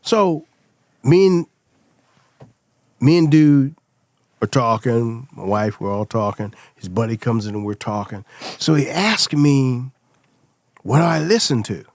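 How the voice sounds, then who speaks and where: A middle-aged man telling stories as a podcast guest, lively and acting out the people he quotes. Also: mid-range voice, measured pace, pauses often, no echo. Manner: animated storyteller, acts out quoted voices. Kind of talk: casual storytelling chat.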